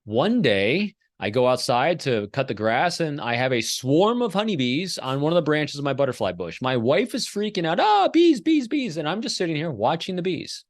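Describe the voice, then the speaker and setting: Middle-aged man, podcast guest, lively storyteller, dry close sound, medium pitch. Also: moderate pace, hardly any pauses, no room sound. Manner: animated storyteller, acts out quotes. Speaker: podcast guest, behavior expert. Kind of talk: conversational storytelling interview. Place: home office.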